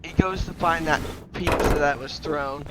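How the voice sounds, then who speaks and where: A man's voice: on the high side, measured pace. Rambling male voice narrating toy play. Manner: rambling, excited, trails off and restarts; breaks into loud silly character voices. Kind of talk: improvised toy story narration. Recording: noisy home recording with clicks.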